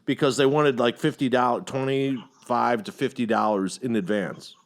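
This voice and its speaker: A middle-aged man hosting a casual podcast chat, telling a long story with heavy profanity and animated outbursts. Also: medium pitch, moderate pace. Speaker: podcast host.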